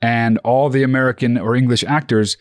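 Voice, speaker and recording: A man co-hosting a podcast, chatting casually with sarcastic, deadpan ribbing and plenty of swearing. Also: medium pitch, brisk, dry recording, studio quality. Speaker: podcast co-host. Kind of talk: casual chat.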